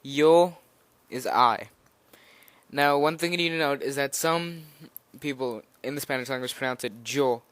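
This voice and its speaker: A man's voice: medium pitch, normal speed, sharp tone, clear, resonant tone, no echo. A nervous young man giving an informal spoken language lesson, rambling a little with fillers and restarts as he explains. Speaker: language teacher.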